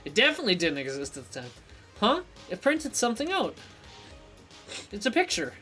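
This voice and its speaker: A man's voice: high-pitched, wildly swooping pitch, fairly quick, sharp tone, soft background music. A man streaming a video game live, chatting playfully and reading the game's text aloud as he goes.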